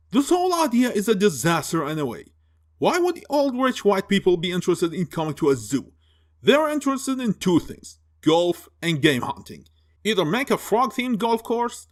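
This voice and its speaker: A man tears into a film in a sarcastic, foul-mouthed review rant. His voice sits fairly high and swings widely in pitch. He sounds mocking and exasperated throughout. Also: sing-song, moderate pace. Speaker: movie reviewer.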